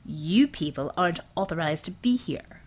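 A woman's voice: lowish voice, lively intonation, a little mellow, husky, voice pushed down. A woman voicing a cold, contemptuous gray-haired male military commander. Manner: slow, contemptuous.

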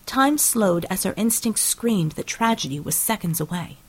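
A woman narrating an action audiobook in steady, dramatic storytelling. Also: mid-range voice, moderate pace, breathy edge, poor audio.

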